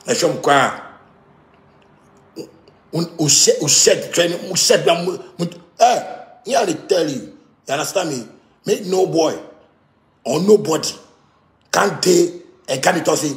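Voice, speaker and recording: An angry Ghanaian man in his thirties vents in Ghanaian Pidgin English, stammering and circling back on the same words. His voice sits high with a rough, gravelly grain. The sound rings around a reverberant room. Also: expressive, unhurried, pauses often. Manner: heated, repetitive, stammering outbursts. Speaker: musician. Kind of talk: angry rant.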